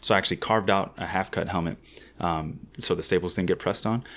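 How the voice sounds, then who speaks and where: A man guesting on a podcast, telling an animated, slangy anecdote about his riding career. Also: deep voice. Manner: fast-talking. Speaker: guest BMX rider. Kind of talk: casual storytelling.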